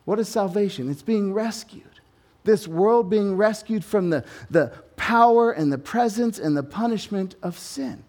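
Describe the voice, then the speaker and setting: A man preaching a sermon at a church service, swinging from loud, urgent proclaiming to low conversational asides and jokes. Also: unhurried. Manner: informal, joking tangents with everyday examples. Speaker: pastor.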